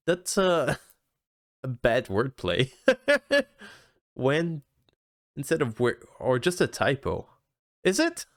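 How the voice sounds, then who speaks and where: A man's voice: a little high, dry recording, studio quality. A man from Canada giving chatty let's-play commentary, laughing often as he reads the game and reacts. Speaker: gaming streamer.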